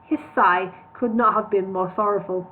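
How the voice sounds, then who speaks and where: A woman's voice: mid-range voice, steady tone, normal speed, slight background noise. A woman reading a parody storybook aloud on a livestream, with wry, chatty asides. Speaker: reader of a parody book. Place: home, livestream. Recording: tinny phone-like audio.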